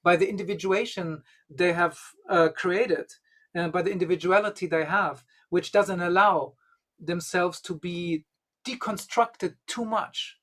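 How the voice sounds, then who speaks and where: A man's voice: high voice, a little slow, fairly bright tone. A man, a guest and Gnostic bishop, telling a long anecdote in casual conversation, full of "you know" and "um". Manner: rambling, leans heavily on 'you know' and 'um'. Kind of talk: conversational storytelling.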